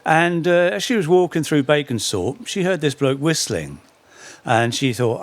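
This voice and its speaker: Lively middle-aged man telling stories. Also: on the high side, moderate pace. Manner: lively storyteller with dry humour and self-corrections. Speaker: speaker giving a public talk. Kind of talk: anecdotal lecture on local folk history.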